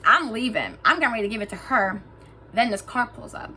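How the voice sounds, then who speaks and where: A young woman tells a personal story straight to camera with a bright, forceful voice. She talks in an animated, emphatic way and gets heated. A faint hum sits behind her in the room. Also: fairly high pitch, a little fast. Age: young adult. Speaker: vlogger. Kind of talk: storytime vlog.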